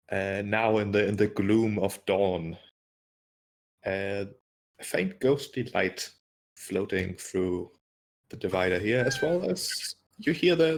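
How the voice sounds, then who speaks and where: Man, game master, tabletop narration, hesitant, low voice, gravelly. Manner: hesitant, many fillers and restarts while describing.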